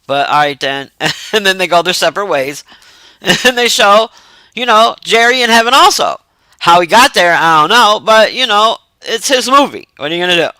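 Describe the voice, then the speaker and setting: Dude rambling thru a movie plot, swears a lot, bright voice, dry sound. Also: male voice, sits high, animated, moderate pace, no room sound, poor audio. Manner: rambling, profane, laughs often. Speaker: movie reviewer. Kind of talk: casual film recap.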